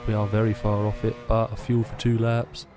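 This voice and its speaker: A man's voice: fairly low pitch, completely flat delivery, fairly quick, music in the background. A man chatting casually to himself while playing a racing game. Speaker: gameplay streamer. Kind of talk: casual gameplay commentary.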